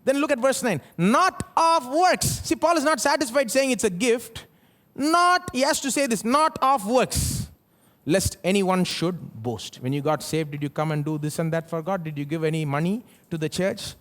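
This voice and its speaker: A male pastor with an Indian English accent preaches to a live congregation, quick and lively in intonation with a high voice, firing off rhetorical questions and shifting between loud and soft.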